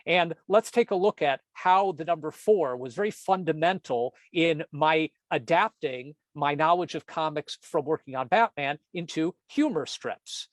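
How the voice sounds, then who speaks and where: A man, a comics editor and cartoonist, giving a storytelling presentation with jokey asides and animated self-interruptions. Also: fairly high pitch, measured pace, hardly any pauses, no echo.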